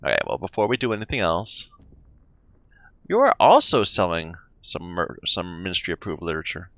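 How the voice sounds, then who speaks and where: A man's voice: low voice, big pitch swings, moderate pace, a bit bright, dry recording, lo-fi sound. A man playing a story game, reading its text aloud and chatting about his choices, stumbling over unfamiliar words. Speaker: let's play gamer.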